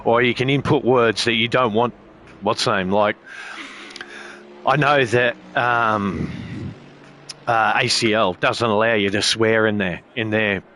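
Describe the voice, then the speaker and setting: Man, sim racing streamer, casual rambling chat, lots of swearing, forceful bright tone. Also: lowish voice, fairly even intonation, a little slow, slight background noise. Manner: rambling, heavy swearing, frequent filler phrases.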